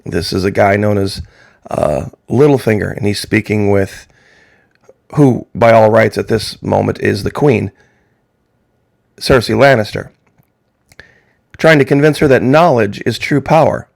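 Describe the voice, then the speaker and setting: A man's voice: lowish voice, a little slow, creaky, pauses often, no room sound, clean studio sound. A man giving a political opinion monologue as a commentator, talking emphatically and asking the audience rhetorical questions.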